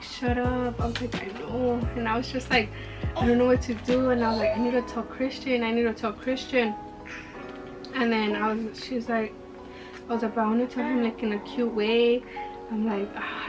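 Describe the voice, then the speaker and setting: A woman's voice: a little high, little pitch movement, brisk. A young woman casually telling a personal story, full of "like" fillers and acted-out dialogue. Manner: chatty, many "like" fillers, reenacts dialogue. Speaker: vlogger. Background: background music.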